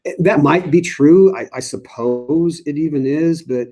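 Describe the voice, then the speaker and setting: A man's voice: a little high, measured pace. A middle-aged man, a priest, leading a casual Bible study and answering viewer questions with frequent fillers and restarts. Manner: conversational, many fillers and restarts.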